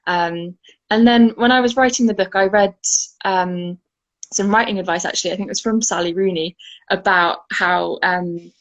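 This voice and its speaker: A woman from Guernsey, an author talking in a relaxed interview, thoughtful and chatty with frequent fillers. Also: lowish voice, normal speed, muffled recording. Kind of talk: casual conversational interview.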